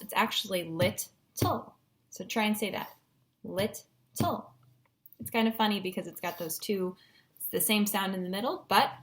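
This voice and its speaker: A woman teacher giving a patient, encouraging phonics lesson at a whiteboard, sounding out syllables. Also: medium pitch.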